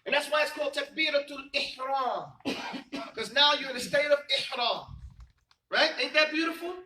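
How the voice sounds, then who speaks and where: A man's voice: very high-pitched, bright, forceful tone, reverberant, distant mic, a little hiss or hum, poor audio. A man teaching a religious class, quizzing his students and stressing key points. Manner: quizzing students, emphatic and repetitive. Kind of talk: classroom lesson with call and response.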